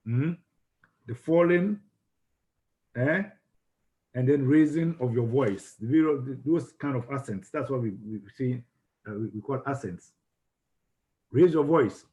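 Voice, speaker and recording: A man's voice: mid-range voice, a little mellow. Ghanaian man lecturing with many restarts. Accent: Ghanaian English. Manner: repeats words and restarts, asks the class questions. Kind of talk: classroom lecture on communication.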